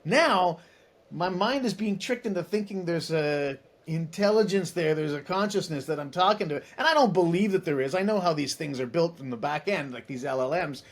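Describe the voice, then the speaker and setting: A man in his forties talks as a podcast guest, his voice sitting a little high for a man. He tells stories animatedly, full of asides and restarts, and slips into other voices to act out conversations. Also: expressive, normal speed. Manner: chatty, many restarts and asides. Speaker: guest, tech executive. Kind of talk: casual interview storytelling.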